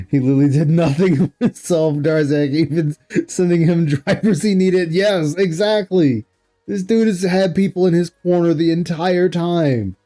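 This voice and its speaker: A man's voice: on the high side, unhurried, mellow, faint music behind. A man hosting a livestream, reacting to an interview and greeting chat, rambling and incredulous with frequent laughs. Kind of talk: casual commentary reading chat.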